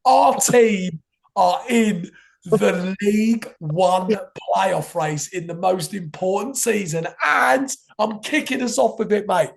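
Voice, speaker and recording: A young man hosting a casual football podcast. His voice is hoarse and half gone, and he talks in an excitable, rambling way. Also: sits high, slow. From England. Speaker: podcast host.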